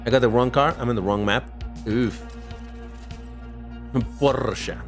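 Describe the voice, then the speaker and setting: While playing on a relaxed gaming live stream, a man rambles and reads out replies to his viewers' chat. He speaks slowly in a mid-range voice, with faint music behind him.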